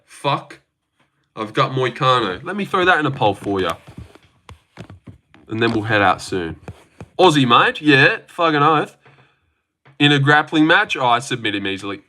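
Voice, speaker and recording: A man's voice: medium pitch, pushed and bright. A young man hosting a casual live stream from his phone, joking, swearing now and then and answering chat comments.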